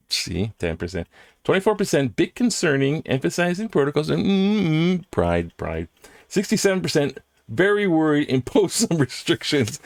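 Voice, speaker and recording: Rambling man with a lively voice. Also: no echo. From Hawaii. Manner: rambling, laughs often, jumps in pitch for exclamations. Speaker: host reading and reacting to news. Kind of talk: casual solo chat.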